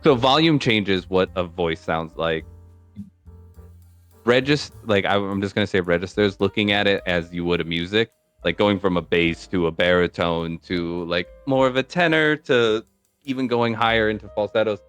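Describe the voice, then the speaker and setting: Deep-voiced rambling male host. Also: normal speed, fairly bright tone, smooth, faint music behind. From New York. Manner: rambling, explanatory, full of "like". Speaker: podcast host. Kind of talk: casual chat about voice acting.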